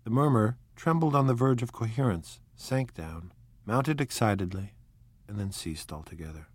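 A man narrating an audiobook in a measured, soft-spoken, reflective way. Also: fairly low pitch, breathy edge, dry recording. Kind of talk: scripted narration.

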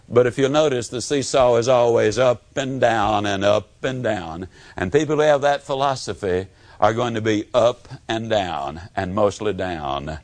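A man giving a motivational speech to an audience, telling stories with big swings from high to low. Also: no room sound. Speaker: motivational speaker.

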